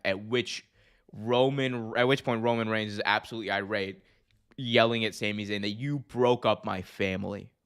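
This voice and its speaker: A man hosting a podcast, casually recapping a wrestling event in an energetic storytelling way with many fillers and restarts. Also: on the low side, smooth.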